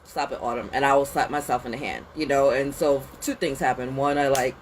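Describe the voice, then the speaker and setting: A woman hosting a casual spiritual pep talk outdoors in the cold, animated and slangy, sniffly with a runny nose. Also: very deep voice, brisk, a little hiss or hum, low-quality recording. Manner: animated, slangy and conversational, with lots of "like" and "you know". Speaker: spiritual reader and channel host.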